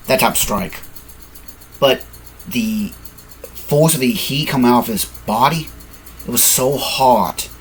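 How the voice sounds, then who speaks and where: A man's voice: mid-range voice, a little hiss or hum. A man improvising a fan-fiction story, rambling, correcting himself and apologizing as he goes, sleepy and yawning.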